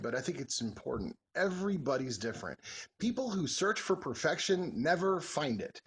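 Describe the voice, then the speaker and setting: Husky laid-back man in his forties. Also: mid-range voice. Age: 40s. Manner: joking, rambling, folksy. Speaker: vlogger answering follower questions. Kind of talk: casual Q&A chat.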